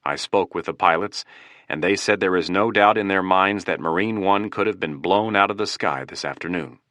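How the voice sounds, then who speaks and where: A stern, matter-of-fact Secret Service chief, voiced by a man reading an audiobook. The voice is low and crisp-toned. The sound is dry and close. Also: moderate pace, pushed and bright, dry recording. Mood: blunt.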